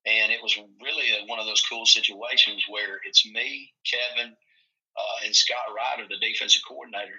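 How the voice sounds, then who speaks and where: A man's voice: on the low side, steady tone, moderate pace, bright, forceful tone, muffled recording. A man from Tennessee, a football coach, telling folksy stories in a casual chat and acting out the quotes.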